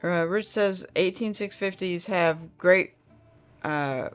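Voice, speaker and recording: A woman's voice: fairly low pitch, takes it slowly, clean tone, faint music behind. A middle-aged woman, hosting a casual livestream chat and reading viewer comments aloud in a rambling, friendly way. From Oklahoma.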